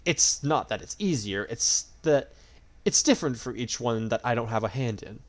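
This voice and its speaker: A man's voice: mid-range voice, lively intonation, normal speed, lightly acted. A man doing a smug, cruel dragon god. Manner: mocking, drawling, theatrical.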